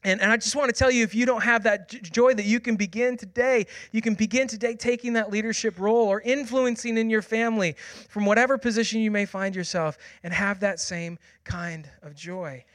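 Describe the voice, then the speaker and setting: A man in his thirties delivers a sermon in a high, bright voice, moving between hushed, close confiding and loud, excited storytelling. The sound is dry and close to the mic, with no room around it. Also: a little fast, no echo. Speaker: pastor.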